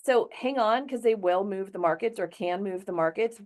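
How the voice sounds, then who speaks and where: A middle-aged woman hosting a show, chatty and quick to laugh in casual talk. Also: mid-range voice, darkish tone. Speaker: show host. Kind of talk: casual chat.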